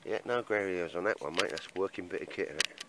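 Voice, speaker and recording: Deep-voiced man chatting outdoors. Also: fast talker, background noise. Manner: chatty, laughs often, calls everyone mate. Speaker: bushcraft vlogger. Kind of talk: casual outdoor chat to camera. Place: outdoor woodland camp in rain.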